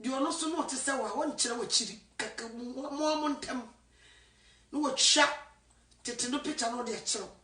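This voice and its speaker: A woman evangelist from Ghana, preaching fervently and swinging between shouting and a hush. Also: high-pitched, moderate pace, far from the mic. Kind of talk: impassioned sermon. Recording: echoey room, voice from afar.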